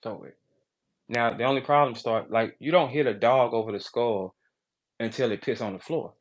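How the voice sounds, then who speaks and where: A man ranting crudely and loudly in a casual talk, profane and joking. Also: mid-range voice, moderate pace. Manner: loud, profane, jokey. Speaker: battle rapper on a live audio chat.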